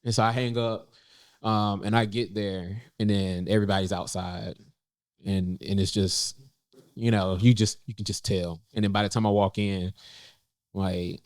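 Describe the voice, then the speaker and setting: A young North Carolina man co-hosting a podcast relates a personal story in casual conversation indoors at a cafe. He has a fairly low, darkish voice with flat delivery that rises when he quotes himself, and he halts with many fillers and restarts. The audio is studio quality with no echo.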